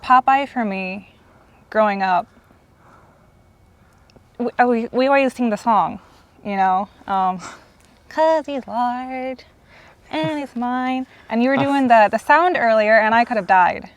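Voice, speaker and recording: A woman's voice: fairly high pitch, measured pace, long pauses, smooth, no echo. A woman in her forties telling a guest how much her work means to her, earnest and close to tears. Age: 40s. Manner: earnest, gushing, near tears. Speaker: host. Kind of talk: emotional fan tribute.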